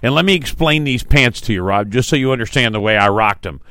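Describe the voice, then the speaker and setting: A man in his forties hosting a morning radio talk show, telling stories in a lively, chatty way. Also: mid-range voice, quick pace, clear, resonant tone, no echo. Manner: animated storytelling, mimics quotes. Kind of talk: casual radio chat.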